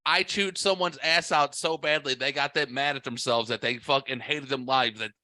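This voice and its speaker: Forties guy, podcast host, loud and profane storyteller, bright edge, dry close mic. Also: mid-range voice, normal speed, dry recording. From half white, half Mexican heritage. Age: 40s. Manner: profane, blunt, animated storytelling. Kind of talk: casual storytelling.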